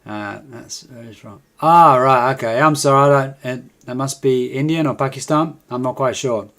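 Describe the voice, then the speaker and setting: A man talks through a live stream in a chatty, self-mocking way, keeping the patter going and coaxing his viewers to join in. His voice sits at an ordinary middle pitch for a man. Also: moderate pace, a bit bright. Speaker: trading live-stream host. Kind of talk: casual live-stream chat.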